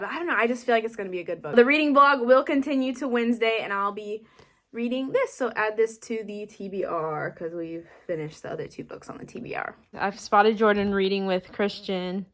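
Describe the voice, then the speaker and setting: Chatty excitable young woman vlogging. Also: medium pitch. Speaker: book vlogger. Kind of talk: casual vlog chat.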